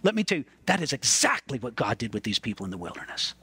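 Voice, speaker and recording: A man's voice: mid-range voice, big pitch swings, quick pace, sharp tone, breathy edge, dry recording. A man preaching a sermon as pastor, earnest and emphatic, repeating words as he stresses a point.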